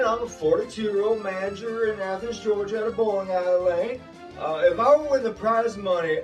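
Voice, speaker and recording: A man's voice: sits high, distant mic, lightly acted. A man doing a folksy, hesitant bowling alley manager. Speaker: game show contestant. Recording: voice from away from the mic.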